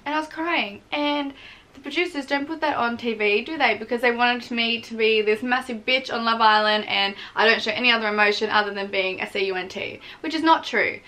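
Young woman vlogger, sharp bright voice, swears a lot, mocks herself. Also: a little high, brisk. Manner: blunt, swears freely, self-mocking. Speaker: vlogger reacting to her own TV clips. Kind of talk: casual reaction commentary.

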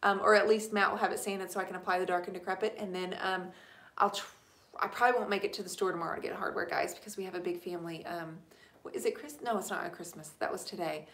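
A woman hosting a casual live stream, chatting warmly and thanking viewers by name as she answers their questions about painting furniture. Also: on the low side, fairly even intonation, fast. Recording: echoey room.

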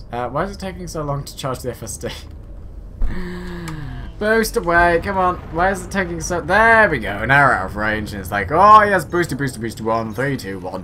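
A man's voice: mid-range voice, a bit bright, slight background noise. A man giving casual, rambling, self-mocking commentary while playing a space game. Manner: rambling, self-mocking, chatty asides to himself. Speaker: gaming video host.

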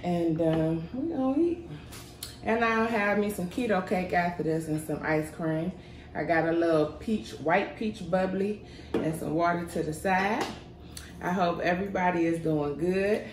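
A woman's voice: lowish voice, unhurried. A woman chatting casually to her viewers as she sets up a mukbang at home, a little out of breath. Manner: chatty, addresses viewers as y'all. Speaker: mukbang vlogger. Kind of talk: casual chat to camera. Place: home, indoors. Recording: echoey room, faint background noise.

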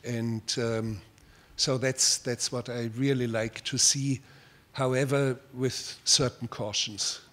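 An older German man with a German accent answers audience questions at a public talk, speaking in a measured way with frequent pauses and repeated words. His mid-range voice is level in tone and fairly bright.

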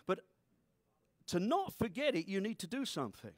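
Animated high-voiced preacher. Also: male voice, fairly quick, no echo. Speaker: pastor. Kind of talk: sermon.

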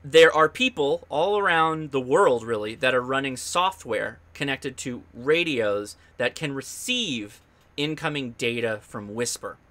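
A man's voice: medium pitch, pushed and bright. A man hosting a live ham radio stream, explaining his gear in a chatty, upbeat way with loose restarts. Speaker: ham radio show host. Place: home radio station.

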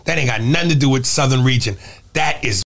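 A man's voice: medium pitch, fast, vocal fry, a loud crowd. A middle-aged man as a comedian guest, arguing emphatically and mocking slang in casual chat. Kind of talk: animated argumentative chat.

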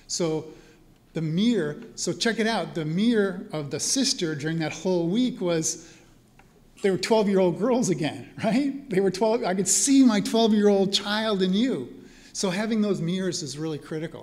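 A man's voice: fairly high pitch, normal speed, a little mellow. A man who is a priest and spiritual care teacher, telling stories to a live audience in a chatty way. He often checks in with the listeners as he talks. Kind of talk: storytelling talk to a live audience. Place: church hall event.

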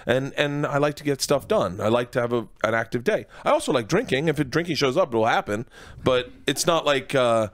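A man in his forties, a comedian guest telling stories in a casual radio studio interview, rambling and excitable, restarting his sentences often. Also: mid-range voice, brisk.

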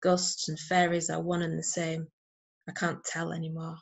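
A woman giving a measured, even poetry reading over a video call, with hesitant fillers between poems. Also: low voice, vocal fry. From Yorkshire, England. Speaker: poet.

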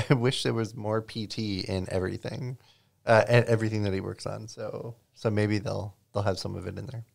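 A man's voice: lowish voice, fairly even intonation, moderate pace, vocal fry, a little mellow. A man on a games podcast panel in casual chat, hesitant and easygoing.

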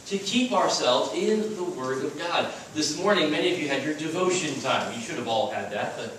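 A man's voice: mid-range voice, bright, forceful tone, a little hiss or hum. A man preaching an earnest, emphatic sermon as a chapel speaker at a Christian school. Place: chapel at a retreat. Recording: echoey room from far off.

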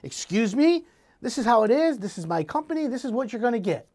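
A man acting out a pushy male contractor who dodges questions and brushes the client off, his voice pitched up and pushed louder than the speaker's own talk. The tone is snippy and defensive, never giving a straight answer. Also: animated, brisk.

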